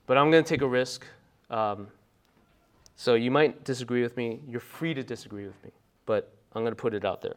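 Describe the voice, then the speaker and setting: Male pastor, sermon delivery, voice a bit on the high side, conversational asides, sudden loud emphatic bursts. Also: moderate pace. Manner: emphatic, conversational preaching with frequent "right?" asides.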